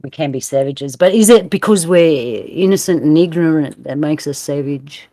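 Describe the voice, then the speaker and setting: A woman with an Australian accent hosting a casual roundtable discussion, playful and quick to laugh. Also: low voice, dark tone, dry recording. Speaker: roundtable host.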